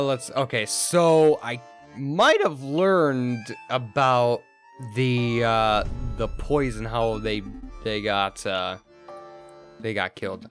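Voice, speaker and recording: A man's voice: mid-range voice, fairly bright tone. A young man playing a video game, reading its lines aloud and rambling in casual asides. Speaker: let's play host. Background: game music.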